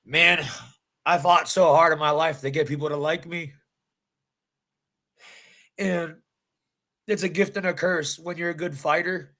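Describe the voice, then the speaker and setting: A man's voice: on the high side, fairly even intonation, measured pace, pauses often, pushed and bright. A man, a bare-knuckle fighter, recounting his win in a post-fight interview with intense, emphatic storytelling and repeated phrases. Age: adult.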